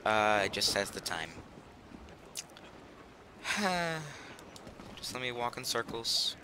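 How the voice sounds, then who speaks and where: A man's voice: medium pitch, very animated, takes it slowly. Teen boy gamer, chatty rambling commentary, audible background noise on the mic. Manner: rambling, chatty and silly, trails off mid-sentence. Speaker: gaming channel host. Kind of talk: casual let's play commentary.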